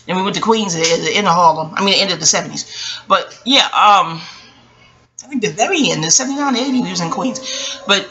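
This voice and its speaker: A woman's voice: mid-range voice, fairly quick, poor audio. A woman in her forties with a New York accent, rambling casually and profanely about her childhood and a book. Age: 40s. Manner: profane, animated storytelling with asides. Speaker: book reviewer.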